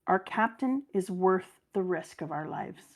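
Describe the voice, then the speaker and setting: A woman voicing a composed adult female pirate, speaking softly and steadily as she retells a cartoon scene. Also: measured pace. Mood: calm. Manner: soft, low and steady.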